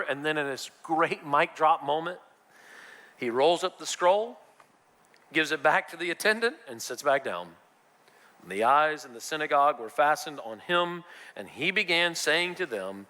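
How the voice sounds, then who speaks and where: A pastor delivers a sermon in a bright, ringing voice that sits a little high for a man. His speech carries a long hall reverb from the sanctuary, and he builds to emphatic passages. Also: expressive, moderate pace. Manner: preaching with rising, emphatic passages. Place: church sanctuary.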